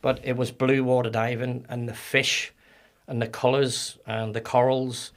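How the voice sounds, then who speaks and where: A middle-aged man with a Northern Irish accent, a podcast guest telling stories in a halting way, repeating words as he recalls. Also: medium pitch, flat delivery. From Northern Ireland. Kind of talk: casual interview storytelling.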